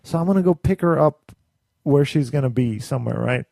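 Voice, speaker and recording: A man's voice: medium pitch, brisk, gravelly, warm tone, no room sound, studio quality. A young man co-hosting a podcast, telling a long story in casual chat, acting out quotes in a raised voice and laughing often. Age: young adult. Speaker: podcast co-host.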